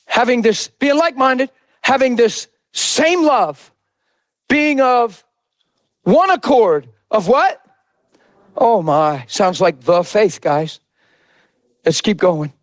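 A man preaching a sermon in a strikingly high, animated voice that leaps up and down in pitch. He swings from fervent shouts to quiet, close asides. The sound is dry and close, with no room around it. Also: slow, pauses often, no echo. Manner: impassioned, swings between shouting and soft, intimate asides.

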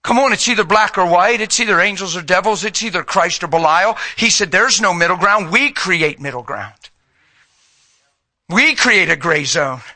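Bright, fiery male preacher. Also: high voice, lively intonation, moderate pace. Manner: emphatic, call-and-response, swings from loud to hushed. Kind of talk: sermon.

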